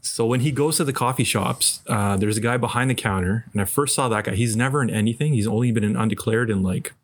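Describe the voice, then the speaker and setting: A man's voice: mid-range voice, quick pace. A man, co-hosting a casual podcast chat about sports films, rambling with lots of fillers. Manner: relaxed, rambling, with many fillers. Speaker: podcast co-host.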